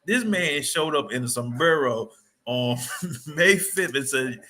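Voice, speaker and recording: A man co-hosting a sports podcast, chatting casually in an animated, rambling way full of slang. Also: medium pitch, unhurried. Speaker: podcast co-host.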